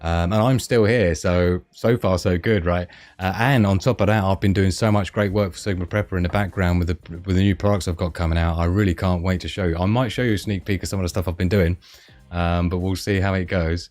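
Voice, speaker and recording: A man's voice: low voice, steady tone, a little fast, darkish tone. A man hosting a casual livestream, chatting in a rambling way and reading out viewer comments. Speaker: livestream host.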